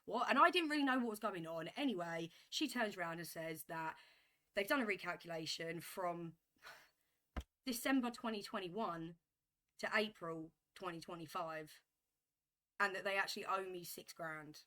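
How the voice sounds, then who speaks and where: Animated woman vlogger. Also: on the low side, normal speed. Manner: animated, emphatic, repeats herself when worked up. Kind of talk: casual storytelling to camera.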